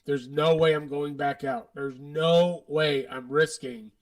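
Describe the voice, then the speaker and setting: A man with a fairly high voice tells a rambling story in casual chat and acts out the dialogue as he goes. He sits a little back from the mic. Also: fairly even intonation, takes it slowly, recorded from a distance, low-quality recording. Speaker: co-host.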